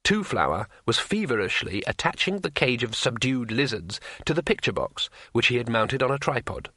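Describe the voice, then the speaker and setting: Man, audiobook narrator, bright tone, dry close sound, dramatic pacing. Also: mid-range voice, very animated, husky, dry recording. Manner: measured, dramatic storytelling.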